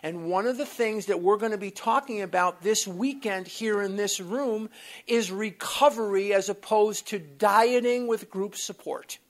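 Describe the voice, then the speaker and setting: A speaker from the United States giving a talk to a live group in a meeting room at a recovery workshop, telling personal stories in an animated, blunt way with mild swearing and asides. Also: medium pitch, measured pace.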